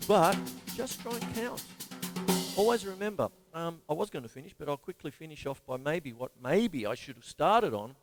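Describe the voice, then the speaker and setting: A man's voice: on the high side, expressive, normal speed, soft background music. An Australian man giving a live-streamed drum lesson in a chatty, digressive way, often laughing at himself. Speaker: drum teacher.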